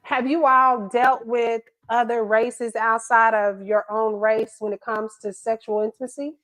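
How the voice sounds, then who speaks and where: A woman's voice: a little high, flat delivery, unhurried, a bit bright, no echo. A woman on a discussion panel who speaks hesitantly and carefully, laughing at herself as she picks her words.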